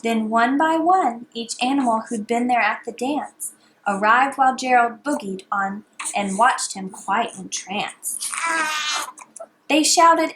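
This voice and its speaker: A mother reading bedtime stories aloud to her baby in a soft, hushed, sing-song manner. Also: fairly high pitch, lively intonation, slow, a little hiss or hum.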